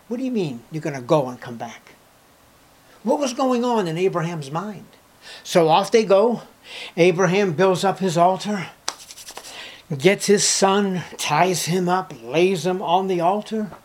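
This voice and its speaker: A man preaching a sermon, telling a story dramatically, asking the listeners questions and dropping to hushed near-whispers for emphasis. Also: high voice. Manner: asks the listeners rhetorical questions.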